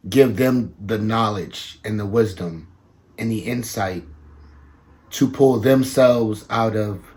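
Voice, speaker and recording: A man giving a casual tarot reading to his viewers, talking slowly and repeating himself, with bits of slang. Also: on the low side, darkish tone. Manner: slow, repetitive, conversational with slang. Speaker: tarot reader.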